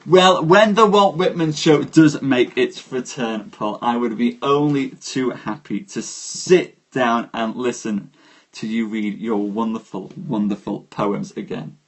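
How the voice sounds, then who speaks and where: A man with a husky, breathy voice hosts a live stream. He reads poetry and chats with his viewers, taking his time and greeting each one by name. His pace stays slow and deliberate. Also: medium pitch.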